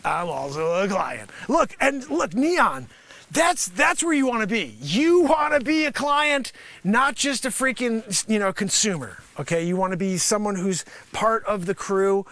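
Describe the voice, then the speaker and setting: A man improvises a sarcastic comedy sales pitch on a live stream at a measured pace, in a high, bright, sharp voice with no echo. He rambles through filler phrases, his pitch swooping wildly, and he jumps into loud, animated outbursts.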